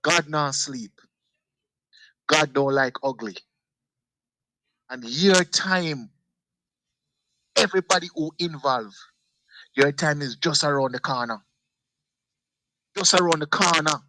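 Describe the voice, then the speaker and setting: A man's voice: on the high side, slow, long pauses, sharp tone, no room sound, low-quality recording. A man, a guest speaking in an impassioned and preachy way, repeating his phrases for emphasis. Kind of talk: impassioned casual talk.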